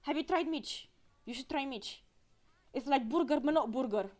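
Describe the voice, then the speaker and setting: A woman's voice: sits high, moderate pace, a little mellow, natural voice. A woman imitating an earnest local man with a Romanian accent who speaks in broken English and gives tourists advice.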